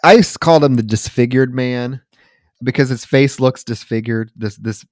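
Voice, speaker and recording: A man's voice: medium pitch, moderate pace, a little mellow, no echo, clean studio sound. A man co-hosting a podcast, recapping a film plot with wry mock outrage in casual chat. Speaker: podcast co-host.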